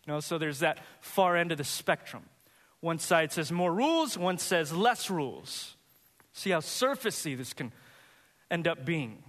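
A man preaching a sermon as pastor, earnest and building to animated, high-pitched emphasis. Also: a little slow, in a large hall.

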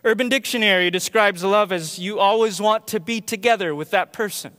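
A man preaching a sermon to his church in a conversational, storytelling way, getting animated when he imitates others. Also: high-pitched, fairly quick, long reverb tail. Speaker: pastor. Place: church sanctuary.

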